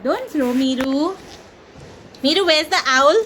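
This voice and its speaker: A young Indian woman with an Indian English accent, coaxing her toddler in slow, sing-song baby talk and making animal sounds. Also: sits high, fairly bright tone, a little hiss or hum, poor audio. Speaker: mother teaching her toddler.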